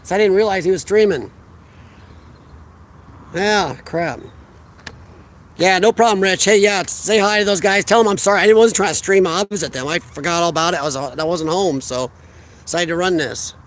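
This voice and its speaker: Holding his phone camera at a riverfront park, a Midwestern man from the U.S. hosts a relaxed live stream, reading viewers' chat aloud and answering it. His voice sits high and a bit bright, at a moderate pace broken by long pauses.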